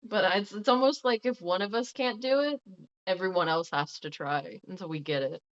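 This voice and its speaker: Woman, casual family chat, smooth voice, muffled recording. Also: mid-range voice. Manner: relaxed storytelling, quick to laugh. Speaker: podcast co-host. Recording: dull lo-fi audio.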